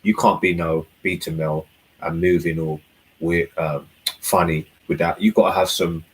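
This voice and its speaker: A man's voice: low voice, level tone, moderate pace, breathy edge, rough recording. A young man chatting casually and laid-back, giving dating advice. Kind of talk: casual chat.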